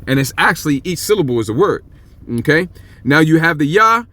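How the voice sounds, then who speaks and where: A man teaching from the Bible in an informal, emphatic way, often checking in with "okay?" and reading verses slowly and drawn out. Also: a little high, very animated, bright, forceful tone. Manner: reads scripture aloud slowly and stretched out.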